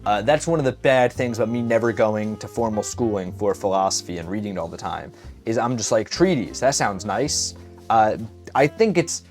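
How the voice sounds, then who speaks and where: A man's voice: lowish voice, expressive, a little fast, a little mellow, faint music behind. Chatty rambling male podcast host. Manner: rambling, self-deprecating, chatty with filler stutters. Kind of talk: casual solo talk while painting.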